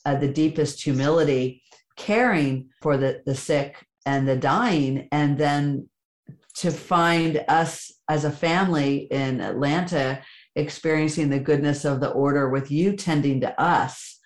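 A woman hosting a podcast, speaking softly and measured as she reflects and converses. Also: low-pitched, reverberant. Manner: soft and measured, at times tearful in the retelling. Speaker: podcast host.

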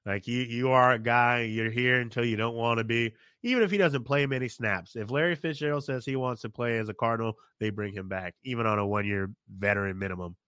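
A man's voice: medium pitch, fairly quick, hardly any pauses, pushed and bright, clean tone, dry recording, clean studio sound. A man co-hosting a casual sports podcast, blunt and opinionated in his takes. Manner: blunt, opinionated, laughs often. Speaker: podcast co-host.

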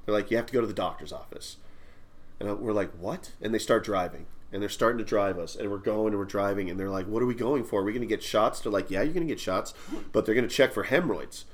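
A man's voice: lowish voice, quick pace. A man co-hosting a podcast, telling a long childhood story in loose, rambling casual chat and swearing along the way. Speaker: podcast co-host.

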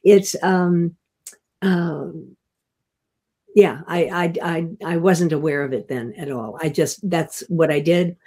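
An older woman, a veteran actress, telling stories in an interview, halting and restarting often as she chuckles. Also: low-pitched, dark tone, slightly rough. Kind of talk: interview storytelling.

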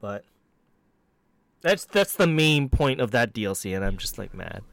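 A man in casual chat about video games who laughs often and rants with animated energy. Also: mid-range voice, a little slow, gravelly, no room sound. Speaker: co-host.

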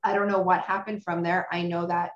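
A woman's voice: on the low side, little pitch movement, brisk. A woman who owns a salon, telling a story in a casual interview in a frank, blunt way that turns to swearing when she is upset. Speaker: salon owner. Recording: roomy, slightly dull sound.

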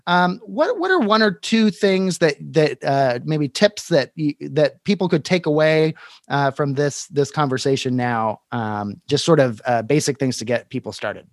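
A man hosting a podcast interview, asking his questions in a halting way with many restarts. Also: fairly high pitch, animated, no echo, studio quality. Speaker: podcast host.

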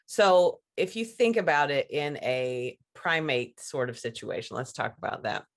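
A woman's voice: deep voice, sing-song, unhurried. A woman talking frankly in a casual chat, laughing often as she makes her points.

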